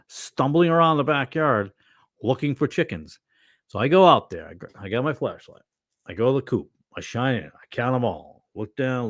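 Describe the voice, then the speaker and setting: On a livestream, a tired pastor in middle age chats loosely, wandering through his thoughts with frequent fillers and restarts. His voice is male and mid-range, captured as clean studio sound without any room ambience.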